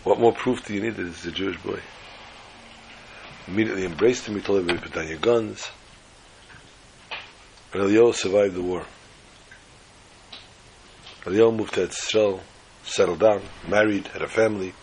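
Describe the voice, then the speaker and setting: A man's voice: low-pitched, steady tone, fast talker, vocal fry, long pauses, a little mellow, slight background noise, rough recording. A man dramatically telling a religious story, building it with repetition.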